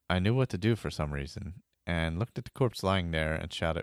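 A man tells a first-person adventure tale for a podcast, slipping in dry, wry asides. His voice is very deep and smooth. The recording is close and dry. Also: lively intonation, moderate pace, hardly any pauses, dry recording. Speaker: podcast storyteller. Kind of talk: first-person storytelling narration.

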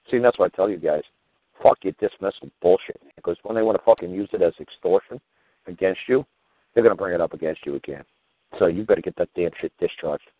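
A man's voice: sits low, fast talker, no echo. A man hosting a show, telling rambling stories in a casual, profane way, peppered with "you know" and "man". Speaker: show host. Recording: tinny phone-line sound.

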